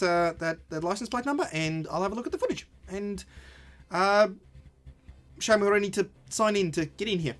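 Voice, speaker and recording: A man's voice: high voice, animated, moderate pace, pauses often, a bit bright. A man narrating and running a tabletop game, casual and swearing often. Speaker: game master.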